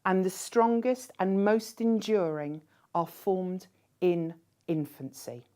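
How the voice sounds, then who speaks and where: A woman giving a conference keynote speech in a measured way, posing rhetorical questions to the audience. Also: on the low side, fairly even intonation, dark tone, clean tone. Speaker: keynote speaker.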